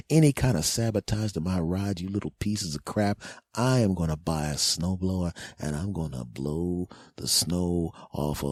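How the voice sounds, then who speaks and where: A man's voice: sits low, a little mellow, slightly rough, no room sound. A man in his forties hosting a podcast, delivering a profane, mocking comedic rant. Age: 40s. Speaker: podcast host.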